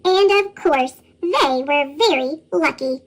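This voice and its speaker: Woman reading a story in chipmunk voice. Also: slow. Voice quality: chipmunk-style pitched-up voice. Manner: lively, expressive reading. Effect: chipmunk pitch shift. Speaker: storybook reader. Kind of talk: read-aloud children's story.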